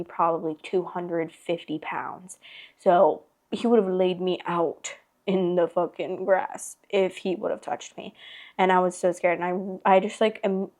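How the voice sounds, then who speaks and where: A woman's voice: fairly low pitch, darkish tone. A young woman in her twenties hosting a podcast, telling a personal story in a casual, chatty way, with lots of "like" and frequent swearing. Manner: chatty, heavy filler "like", swears freely. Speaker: podcast host.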